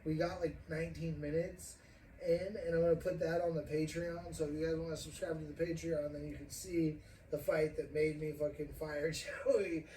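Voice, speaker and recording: A man's voice: on the high side, level tone, normal speed, warm tone. Rambling, profane young man hosting a podcast. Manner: rambling, profane, laughs often. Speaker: podcast host. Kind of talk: casual podcast chat. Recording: roomy, distant mic, faint noise.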